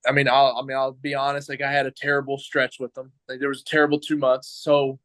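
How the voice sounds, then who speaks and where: A young adult man, a pro baseball pitcher, tells his story in a casual interview, rambling and quoting his own thoughts with lots of "like". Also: completely flat delivery, fast talker, fairly bright tone, dry recording, rough recording. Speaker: professional baseball pitcher, guest.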